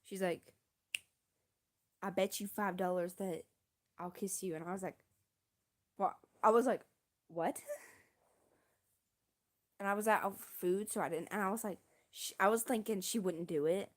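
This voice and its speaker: A young woman chats on stream, telling a story in a loose, rambling way. She leans on slang and pokes fun at herself as she goes. Her voice sits at an everyday middle pitch. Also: unhurried, pauses often. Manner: rambling, self-deprecating, slangy. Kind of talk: casual storytelling.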